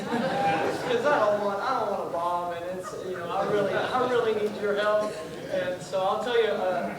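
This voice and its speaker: Folksy preacher in an echoey church. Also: male voice, high voice. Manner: folksy, self-deprecating, many fillers and restarts. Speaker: visiting preacher, missionary. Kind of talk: sermon with casual asides. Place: church sanctuary. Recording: echoey church from far off, noisy.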